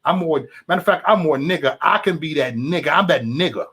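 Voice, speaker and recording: A man's voice: fairly high pitch, animated, a little fast, a bit bright, slightly rough. A man hosting a livestream, ranting heatedly at his chat with lots of profanity and repetition. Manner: profane, heated, repeats himself. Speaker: livestream host. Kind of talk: casual livestream rant to chat.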